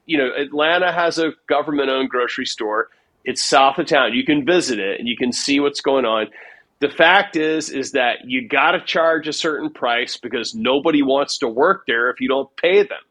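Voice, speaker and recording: Male interview guest, slightly high voice, rambling and animated delivery, casual. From United States. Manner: rambling, animated storyteller, heavy filler words. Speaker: guest investor.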